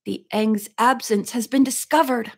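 A woman's voice: mid-range voice, unhurried, natural voice. A woman reading aloud and voicing a frightened older man, a father and translator, who speaks in an anxious, pleading way. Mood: alarmed.

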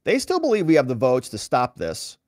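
Animated male political commentator. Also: medium pitch, fairly quick, no room sound, clean studio sound. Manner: animated, emphatic, talks straight to viewers. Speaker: host.

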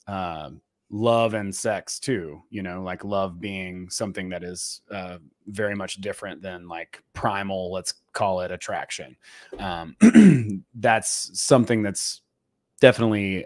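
A man co-hosting a podcast in casual, rambling conversation, full of fillers and throat clearing. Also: fairly low pitch, unhurried, a little mellow, dry recording. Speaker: podcast co-host.

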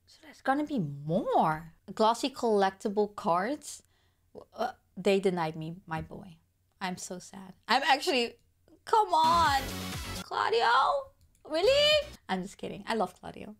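A young woman with a hoarse voice, gushing through an excited video reaction. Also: mid-range voice, measured pace. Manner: gushing, exclamatory, fangirling. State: hoarse from illness. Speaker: gaming video creator.

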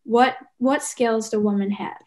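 A woman's voice: fairly high pitch, fairly even intonation, unhurried, darkish tone. A young woman moderating a webinar, agreeing with guests and asking the next question. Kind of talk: webinar interview. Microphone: video call.

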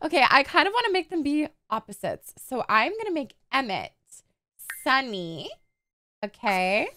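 Very high-pitched gushing woman streamer. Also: big pitch swings, moderate pace, pushed and bright. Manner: gushing, squealing and gasping; swears casually. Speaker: gaming streamer. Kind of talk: excited gameplay commentary.

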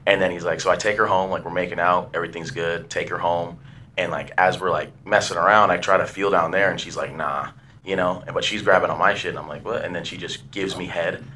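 A deep-voiced man co-hosting a podcast tells a story in casual conversation, talking quickly over slight background noise. He's an animated storyteller who acts out the voices of the people he quotes.

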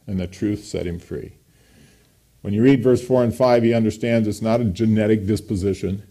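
A man's voice: fairly low pitch, steady tone, fairly quick, dark tone. A man preaching a sermon in a church, emphatic, with his voice rising on scripture quotes. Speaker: pastor.

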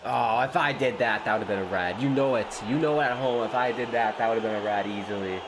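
A man hosting a gaming channel, commentating his own match with excitable outbursts at big moments. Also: mid-range voice, quick pace. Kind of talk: live gameplay commentary. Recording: noisy background hum.

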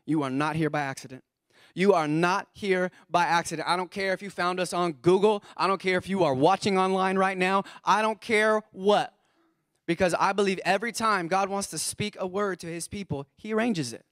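A man's voice: sits high, normal speed, fairly bright tone, dry recording, clean studio sound. A man preaching as the pastor of his church, fired up and calling out to the congregation. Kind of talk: energetic sermon.

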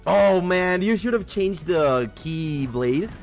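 A young man hosts a live reaction, bursting into excited exclamations and chatting to his audience. His voice sits high and he speaks at an unhurried pace between outbursts. Faint music plays under him. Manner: excitable, exclaiming, talking to viewers. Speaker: video reaction host.

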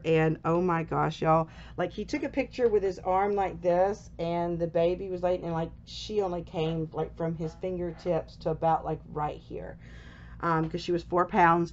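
A woman's voice: fairly low pitch, a little mellow, a little hiss or hum. A woman, a crafting channel host, chatting casually and telling a heartfelt personal story in a rambling way. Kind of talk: casual chat while crafting. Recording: dull lo-fi sound.

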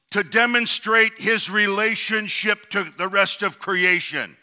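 A middle-aged man preaching a sermon as pastor, building to shouted emphasis and calling out to the congregation. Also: sits high, a little slow, few pauses. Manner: preaching with rising shouted emphasis and call-outs.

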